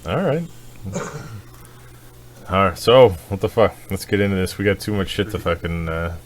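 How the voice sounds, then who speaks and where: Deep-voiced man telling a crude story. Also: normal speed, a little hiss or hum. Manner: crude, animated storytelling with swearing and laughter. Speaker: podcast co-host. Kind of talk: casual chat.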